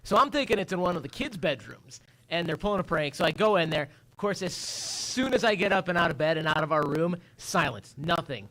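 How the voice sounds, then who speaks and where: Bright, animated radio storyteller man. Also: a little high, a little fast. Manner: animated storyteller, acts out his own voice and sounds. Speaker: radio show co-host. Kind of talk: casual morning radio chat. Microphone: studio microphone.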